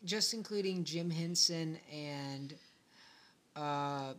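A man hosting a podcast in casual chat, talking in a relaxed, rambling way with many restarts. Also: a little high, slow pace. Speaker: podcast host.

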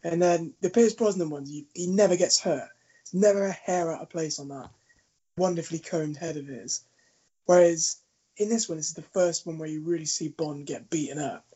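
A podcast co-host tells stories in casual, animated chat, swearing freely and laughing a lot. His voice is on the high side and husky at a moderate pace, with a dull lo-fi recording.

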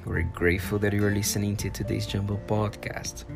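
A man introducing a podcast episode in a calm, measured way. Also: lowish voice, gravelly, music in the background. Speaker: podcast host.

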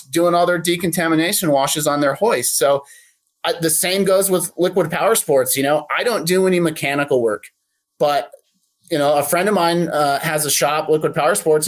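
A man who runs a boat detailing shop, speaking in a casual podcast interview in a friendly, practical way with plenty of fillers. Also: a little high.

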